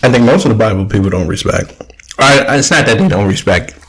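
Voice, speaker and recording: Male host in a casual argument, low-ish voice, keeps restarting. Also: animated, a little fast, breathy edge, low-quality recording. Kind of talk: casual debate.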